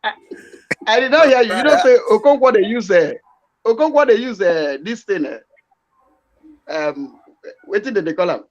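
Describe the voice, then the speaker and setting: A man's voice: sits high, animated, normal speed, pauses often, highs cut off. A man with a Nigerian accent teasing friends in Pidgin English on an online call, stumbling over fillers. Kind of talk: casual group chat in Nigerian Pidgin English.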